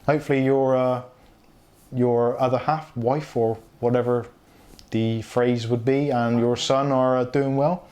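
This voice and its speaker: A man's voice: medium pitch, fairly even intonation, measured pace, a little mellow. Chatty man hosting a live stream. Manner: chatty, reads viewer comments aloud, laughs often. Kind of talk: casual live stream chat.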